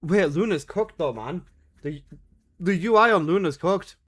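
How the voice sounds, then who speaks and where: A high-voiced man livestreaming a game. He talks in loose, excitable slang, casual and quick to react to his squad. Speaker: game streamer. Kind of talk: casual live-stream chat.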